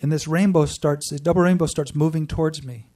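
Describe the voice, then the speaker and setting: Man, earnest testimony speaker, mellow tone, distant mic. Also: on the high side, fairly even intonation. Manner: earnest storytelling with pauses and restarts. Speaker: speaker sharing a personal spiritual story. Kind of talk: personal testimony to a group.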